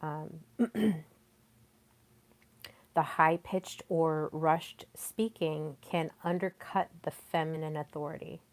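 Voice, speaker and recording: Female podcast host, young adult, low unhurried delivery, soft and deliberate. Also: steady tone. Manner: slow, soft and deliberate, with many pauses. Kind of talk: solo podcast talk on communication.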